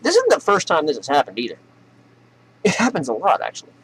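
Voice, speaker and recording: Profane, sarcastic comedy news host. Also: male voice, fairly high pitch, huge pitch swings, fast, fairly bright tone, slight background noise, poor audio. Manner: profane, sarcastic, laughs at his own jokes. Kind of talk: ranting comedic news commentary.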